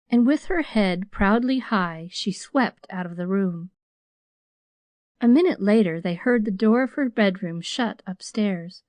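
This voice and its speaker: A woman narrating an audiobook in a measured storytelling manner. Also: mid-range voice, animated, darkish tone, no echo. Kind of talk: scripted narration.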